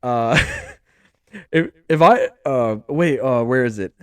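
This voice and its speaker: A man's voice: mid-range voice, slow pace, clear, resonant tone, dry recording, voice pushed down, lightly acted. A man imitating an impassioned football head coach, speaking in an earnest, emphatic, pleading way.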